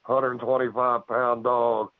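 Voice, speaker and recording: A man, a guest on a podcast, telling a story of his own encounter in a rambling way. He keeps repeating "so, so, so" and "man", and he acts out his own shouted lines louder and higher. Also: little pitch movement, slow pace, dry recording. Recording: tinny phone-like line.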